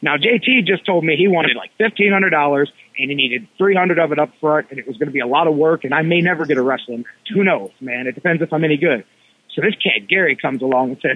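A man guest on a wrestling podcast, telling stories in a casual, animated way, acting out what people said with slangy asides. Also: a little high, fast talker, breathy edge, no echo. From Cleveland area. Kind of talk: casual storytelling chat. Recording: tinny phone line, dry.

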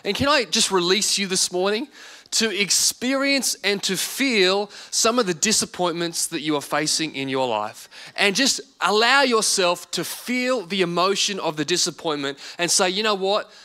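A man's voice: high voice, animated, normal speed, bright, forceful tone. A man in his thirties preaching a sermon as pastor, earnest and repeating words for emphasis.

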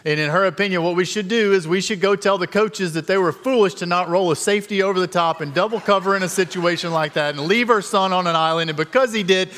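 Middle-aged man, guest preacher, easygoing storytelling, slightly high voice, long church reverb. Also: fast, hardly any pauses, fairly bright tone. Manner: conversational, self-deprecating storyteller. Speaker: guest speaker. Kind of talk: sermon storytelling. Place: church sanctuary.

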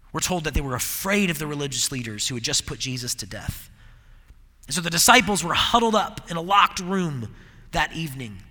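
Bright-voiced man preaching in reverb. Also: on the high side. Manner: reflective, dropping to hushed tones for emphasis. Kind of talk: devotional sermon.

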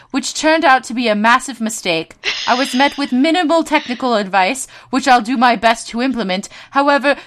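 A stiff, mock-formal letter writer with a put-on posh British accent, as a woman puts him on. The pitch sits a bit on the high side, and the reading stays prim and proper. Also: a bit bright. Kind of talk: reading a listener letter aloud.

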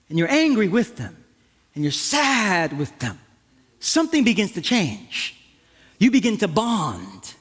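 A man's voice: extremely high pitch, a bit bright. A man preaching a sermon as pastor, telling stories and repeating phrases for emphasis. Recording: long hall reverb.

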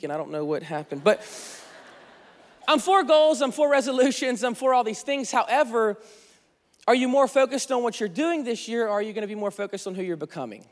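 A man in his thirties, a pastor, preaching an energetic sermon with lots of jokes in a large church. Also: high voice. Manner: energetic, joking. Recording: long hall reverb, faint music.

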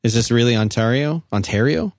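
A man's voice: mid-range voice, fairly quick, dry recording, clean studio sound. A man hosting a radio call-in show, chatting casually and upbeat with callers. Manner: upbeat, laughs easily with callers.

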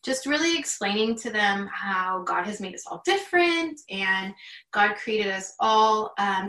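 A woman's voice: mid-range voice, pushed and bright, echoey room, distant mic, rough recording. A woman in her thirties talking earnestly and openly in a candid conversation, with plenty of "like" fillers. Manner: earnest, heartfelt, chatty with many "like" fillers. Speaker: guest.

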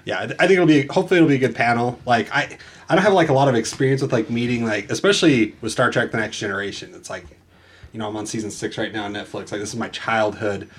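A man co-hosting a podcast in casual chat, excitable and laughing often. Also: mid-range voice, fast talker, a little hiss or hum. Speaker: podcast co-host.

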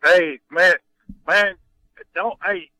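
High, bright-voiced caller. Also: male voice, fairly even intonation, drawn-out words, no echo, poor audio. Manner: emphatic, ranting about rudeness. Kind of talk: phone-in chat.

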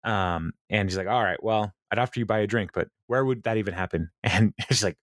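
A man's voice: lowish voice, fairly quick, hardly any pauses, dry recording, studio quality. A man co-hosting a podcast, retelling a show's scenes in a rambling way, quoting characters, with many fillers. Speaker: podcast co-host. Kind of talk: casual episode recap.

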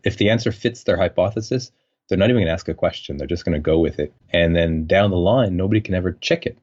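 A very deep-voiced man from French Canada, a scientist guest on a podcast. He thinks aloud in long, rambling turns full of fillers, and his voice comes through muffled and lo-fi. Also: quick pace, darkish tone. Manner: thoughtful, rambling, frequent fillers. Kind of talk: conversational interview.

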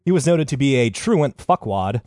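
A man's voice: medium pitch, sing-song, normal speed, darkish tone, dry recording, studio quality. A man hosting a comedic podcast, telling a story in a crude, joking way. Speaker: host.

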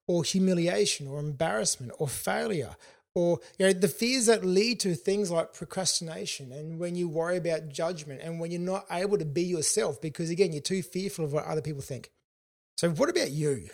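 A man with an Australian accent hosting a solo self-help podcast, upbeat and encouraging, often putting questions to his listeners. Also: high-pitched. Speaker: podcast host.

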